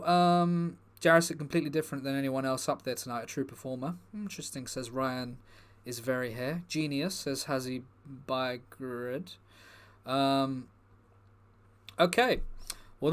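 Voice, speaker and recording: Deadpan man hosting a comedy show. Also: fairly high pitch. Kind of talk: hosting an online comedy show, reading viewer comments.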